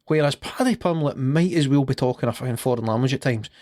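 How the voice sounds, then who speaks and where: A man's voice: mid-range voice, fast talker, dark tone, no echo, studio quality. Scottish man telling rambling, laughing stories. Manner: rambling, swears freely, laughs at his own stories. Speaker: podcast co-host. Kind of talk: casual podcast chat.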